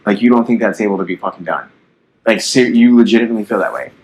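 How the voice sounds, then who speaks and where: A man's voice: fairly low pitch, fast, darkish tone, slight background noise, poor audio. Young man, blunt swearing podcast talk. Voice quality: youthful-sounding voice. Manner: blunt and swearing, rambling with many fillers. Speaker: podcast host. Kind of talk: casual podcast chat.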